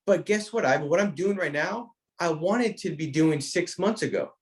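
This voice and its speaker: A man with a somewhat high voice delivers a motivational talk in an emphatic, preacher-like rhythm. He repeats key phrases for weight, restarts sentences often and speaks straight to his listener. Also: animated, normal speed. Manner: frequent restarts, speaks directly to a listener by name. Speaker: insurance sales trainer.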